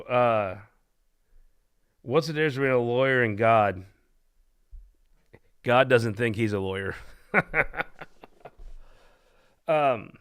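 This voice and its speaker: The man speaks with a medium pitch and a slightly bright tone. He hosts a political talk show, chatting casually and irreverently, rambling as he tells jokes and cracking himself up.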